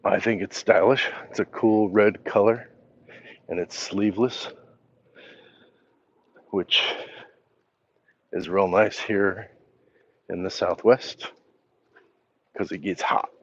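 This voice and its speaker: A man hosting a casual livestream, reading viewers' comments aloud in an unhurried, easygoing way with pauses and fillers, holding his phone. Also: fairly low pitch, fairly even intonation, breathy edge, highs cut off. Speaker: livestream host. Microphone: handheld phone.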